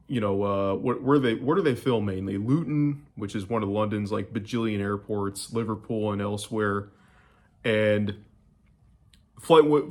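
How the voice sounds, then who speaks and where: Young American male vlogger, low-pitched, chatty and meandering recap of a trip. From United States. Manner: rambling, loose, with many fillers and restarts. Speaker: travel vlogger. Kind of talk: casual travel recap to camera.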